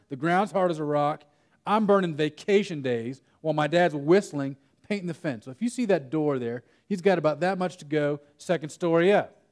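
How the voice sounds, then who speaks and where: A man presenting at a conference workshop in a slightly higher voice than most men. He talks casually and tells stories, often restarting his sentences. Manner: conversational, storytelling with self-interruptions and laughs. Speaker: workshop speaker. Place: conference room.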